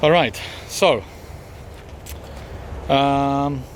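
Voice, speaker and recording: A man's voice: medium pitch, extremely slow, a little hiss or hum. A man chatting casually as he walks through his backyard garden, rambling with frequent ums as he points things out. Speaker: gardening vlogger.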